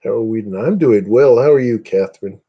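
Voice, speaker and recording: His voice is husky and on the low side, and he moves briskly, though the audio sounds dull. The speaker hosts a casual livestream from Northeast Indiana, USA, rambling on and saying hello to viewers by name.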